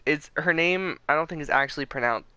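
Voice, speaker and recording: A young man streaming a game, rambling excitedly with lots of fillers in casual commentary. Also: on the high side, fairly quick, clean tone, no room sound.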